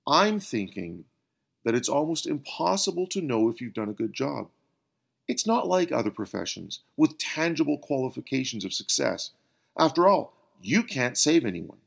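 Jesus, voiced by a man, calm and patient. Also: mid-range voice, moderate pace, creaky, breathy edge, voice pushed up, exaggerated voice. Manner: calm, patient, gently probing.

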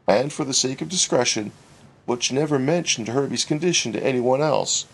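Man as storyteller, wry storybook reading, gravelly, husky. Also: mid-range voice. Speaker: narrator. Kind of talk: storybook narration.

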